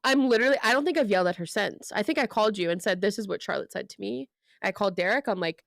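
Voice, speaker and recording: A woman's voice: fairly high pitch, animated, a little fast, no echo, studio quality. A young mother co-hosting a podcast, talking candidly and earnestly about parenting. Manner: candid and earnest, with frequent restarts. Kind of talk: casual chat.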